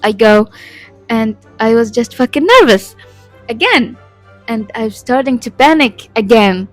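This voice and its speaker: A young woman vlogger with a slightly high voice tells her story in a loose, rambling way. She swears freely and laughs at herself often. Faint music sits underneath. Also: unhurried, no echo, poor audio. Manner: rambling, profane and self-deprecating, laughing often. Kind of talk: casual storytime vlog.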